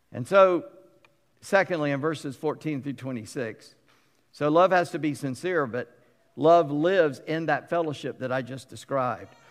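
A middle-aged male pastor preaching a sermon in a conversational, animated way, acting out quotes with humorous asides. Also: a little high. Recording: long reverb of a large hall.

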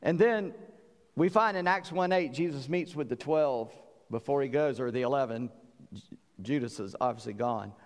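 A man's voice: mid-range voice, normal speed, big-room sound. A man preaching a sermon, telling stories animatedly as he acts out voices. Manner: animated storytelling, acting out voices. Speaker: pastor.

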